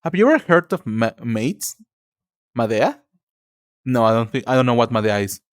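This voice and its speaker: A young man with a Spanish accent chats to his viewers on a live stream, his pitch swinging high and low. He restarts his sentences a lot and calls people cutie and darling. The sound is dry and close, with no room around it. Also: very animated, moderate pace, no room sound. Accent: Spanish-speaking. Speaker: livestreamer. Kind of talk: casual stream chat.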